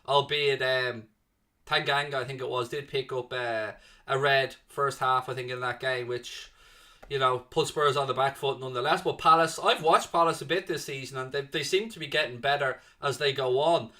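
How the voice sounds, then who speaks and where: A man's voice: mid-range voice, fairly even intonation, normal speed, pushed and bright. A man hosting a live fan watchalong of a football match. He talks off the cuff with fillers and reads out and answers comments from the chat. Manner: chatty, thinks aloud with fillers.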